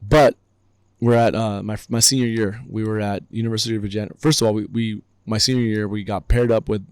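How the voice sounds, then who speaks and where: A man in his thirties telling stories as a guest on a podcast interview, animated and acting out what others said. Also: lowish voice, fairly quick, clear, resonant tone, no room sound. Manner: animated, acts out quotes with raised voice. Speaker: guest, baseball director. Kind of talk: casual storytelling in a podcast interview.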